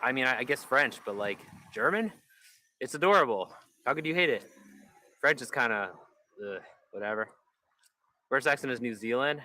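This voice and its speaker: A man's voice: mid-range voice, expressive, normal speed, long pauses, sharp tone, dry recording. A man live-streaming in rambling casual chat, full of "like" fillers and restarts. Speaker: livestreamer.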